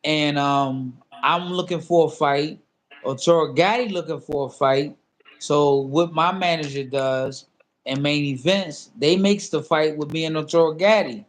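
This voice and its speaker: Fifties guy, ex boxer, telling a story on a sit-down show, bit of a high voice for a man, loose and rambling, lots of uhs, acts out both sides of calls. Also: a little slow. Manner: animated storyteller who acts out both sides of a phone call; loose, repetitive phrasing with many fillers. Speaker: interview guest, former boxer. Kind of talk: casual storytelling in a sit-down interview.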